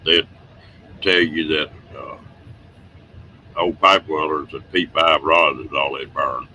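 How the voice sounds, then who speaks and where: Casting note: extremely deep male voice with a bright edge, drawling folksy talker, faint vehicle noise behind. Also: fairly even intonation, slow, rough recording. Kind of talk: casual chat.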